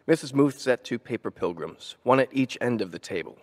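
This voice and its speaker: A man reading a children's picture book aloud in a church, expressive and animated. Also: medium pitch, fairly quick. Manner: expressive, changing voices for animals. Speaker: story reader. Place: church hall.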